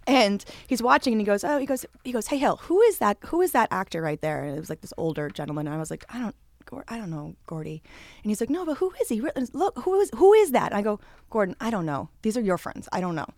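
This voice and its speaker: A woman's voice: medium pitch, fast talker, gravelly, no echo. Woman telling a funny story to a friend, lots of like and um, dry close sound. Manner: animated storyteller who acts out quotes. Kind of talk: casual chat, storytelling.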